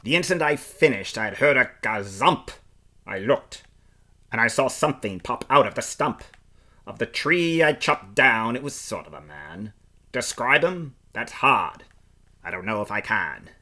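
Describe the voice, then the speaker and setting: A man performing a rhyming storybook aloud in the first person, playful and expressive. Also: medium pitch, a little slow.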